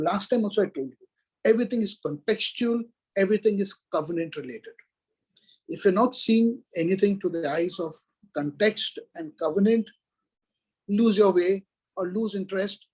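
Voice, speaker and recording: A man's voice: sits high, a little mellow, husky, poor audio. A man giving an earnest Torah lecture, retelling scripture and acting out its dialogue. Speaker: Torah teacher.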